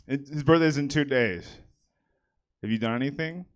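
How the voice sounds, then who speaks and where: A man's voice: medium pitch, normal speed. A young man performing a stand-up set on a comedy theater stage. He chats with the crowd and talks with lots of fillers and a self-deprecating manner.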